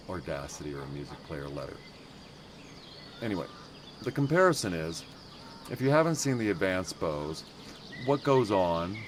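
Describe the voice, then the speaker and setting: Rambling man, lowish voice. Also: a little hiss or hum. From United States. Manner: rambling, self-interrupting with many fillers; playfully mangling German words. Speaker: livestream host. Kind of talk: casual livestream game commentary.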